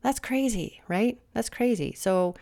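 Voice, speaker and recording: A slightly high-pitched woman rants through a political commentary monologue, her tone sarcastic and mocking. She lectures her listeners with a touch of sniffles. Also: measured pace, creaky, mellow. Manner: mimics opponents in shrill voices.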